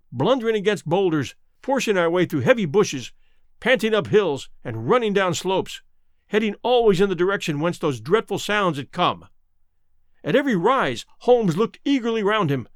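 A man narrating a classic novel as an audiobook in a dramatic, expressive way. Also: high-pitched, no echo, studio quality.

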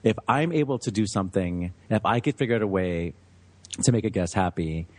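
Restaurant owner, male, German native, low-pitched, dry close sound, chatty storyteller. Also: a little fast, dry recording. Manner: chatty, animated storyteller, laughs easily. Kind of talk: podcast interview.

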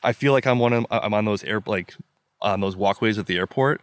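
A man's voice: fairly low pitch, fairly quick, no echo. A man from the US Midwest, a podcast guest, telling a story in vivid, emphatic detail and acting out his own thoughts. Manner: vivid, emphatic retelling with acted-out inner quotes.

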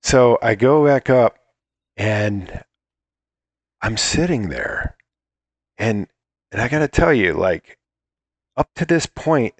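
A man's voice: medium pitch, expressive, slow pace, long pauses, no room sound. A man telling a rambling, profane story in a casual chat, acting out what others said. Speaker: guest.

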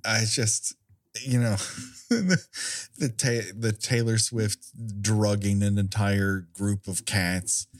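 A man's voice: lowish voice, slow. A man co-hosting a casual chat, joking and laughing often as he riffs. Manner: jokey, animated, laughs often. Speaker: podcast co-host.

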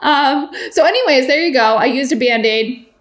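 A woman's voice: sits high, normal speed. Chatty woman podcast host. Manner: chatty, filler-heavy, laughs while telling stories. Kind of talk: casual chat, storytelling.

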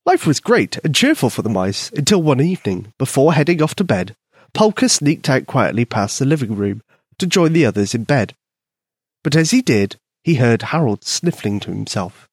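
A man narrates a children's bedtime story in a gentle, expressive way. His voice sits in a middle register, and his pitch rises and falls in a lively, animated way. The recording is close and dry, with no room around it. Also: normal speed, slightly rough, no echo.

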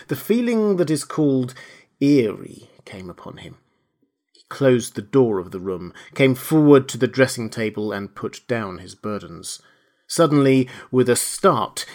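A man narrating a classic novel aloud, measured and letting his voice fall quietly at the end of each phrase. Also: medium pitch. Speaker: audiobook narrator. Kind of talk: scripted narration.

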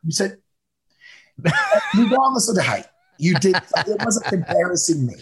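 A man talks in a gravelly, husky voice that swings up and down with lively pitch. He chats casually and animatedly, swearing freely and breaking into impressions. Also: moderate pace. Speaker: podcast co-host. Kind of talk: casual chat.

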